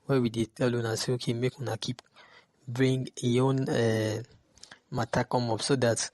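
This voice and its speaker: A man's voice: medium pitch, level tone, moderate pace, a little mellow, no echo. A man with a Nigerian Pidgin English accent giving casual commentary, hesitant with many fillers.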